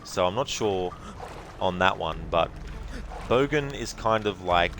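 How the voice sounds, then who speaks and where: An Australian man streaming a video game, chatting casually with viewers in a relaxed, rambling way and laughing easily. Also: sits low, measured pace, slight background noise.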